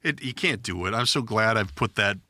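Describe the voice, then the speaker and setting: A man's voice: on the low side, a little fast, sharp tone, no room sound. A middle-aged man hosting a podcast, telling a long, rambling, profane story in a self-deprecating way. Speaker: podcast host. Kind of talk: casual storytelling chat.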